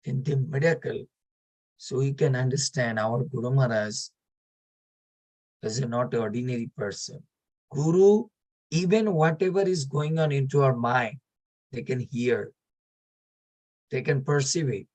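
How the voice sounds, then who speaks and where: A man giving a devotional story talk in non-native, broken English, as an animated storyteller who acts out his characters' quotes. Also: mid-range voice, a little slow, long pauses, low-quality recording. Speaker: devotional speaker.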